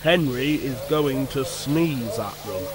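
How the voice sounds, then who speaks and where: A man doing a calm good-humoured engine driver. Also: mid-range voice, slow, background noise, lightly acted. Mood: calm, explaining. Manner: steady, explaining, confident. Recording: music playing under the voice.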